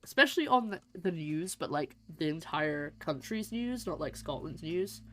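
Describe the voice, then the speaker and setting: A Scottish woman streaming a game and chatting casually in a rambling, animated way. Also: deep voice, normal speed. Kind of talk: casual chat while gaming.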